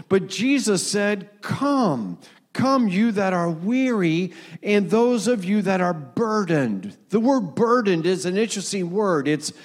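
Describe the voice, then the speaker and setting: A man in his sixties, a pastor, preaching a sermon in a church, telling stories earnestly and slowing down to quote scripture. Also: high voice, darkish tone. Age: 60s.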